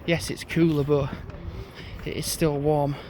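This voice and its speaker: A man's voice: fairly high pitch, little pitch movement, unhurried, a little mellow, slight background noise. A young man, rambling casually to his phone while out on an evening walk uphill. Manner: rambling, chatty monologue. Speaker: vlogger. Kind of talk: casual walking vlog.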